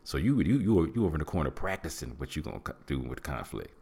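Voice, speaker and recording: Podcast host: middle-aged man, very deep and gravelly, animated preachy delivery. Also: fast. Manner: preachy, animated, acts out quotes and hums. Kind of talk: casual motivational podcast talk.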